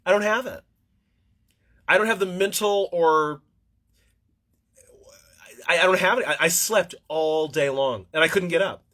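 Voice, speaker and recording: A man's voice: sits high, a little slow, long pauses, sharp tone. A tired man hosting a livestream, talking in a blunt, profane, rambling way. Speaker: livestream host. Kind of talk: casual rambling livestream monologue.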